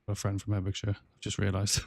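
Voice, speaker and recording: A low-voiced man with a South Welsh accent, talking casually while he plays a game on stream. His delivery stays flat and even, with many ums and restarted sentences. The sound is dry and close, and his tone is mellow. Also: fast talker, vocal fry, no echo. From South Wales. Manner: chatty, rambling, with frequent fillers and restarts. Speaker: gaming streamer. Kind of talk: casual livestream chat while gaming.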